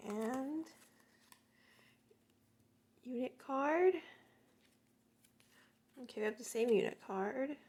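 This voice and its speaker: A woman casually narrating an unboxing, gushing and excitable, often gasping and squealing, sometimes dropping to a hush. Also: high voice, drawn-out words, long pauses, slightly rough. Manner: drops to hushed whispers now and then. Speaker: unboxing vlogger.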